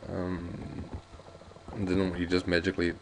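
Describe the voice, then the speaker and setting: Unhurried and completely flat in delivery, a man with a deep voice does casual let's play commentary, reading the game's lines aloud. He rambles, jokes and restarts often, with slight background noise behind him.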